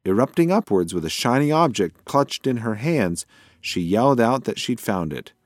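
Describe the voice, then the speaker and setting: A man narrating a children's storybook in an expressive, lively storytelling manner. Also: mid-range voice, moderate pace, no echo, studio quality. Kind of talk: storybook reading.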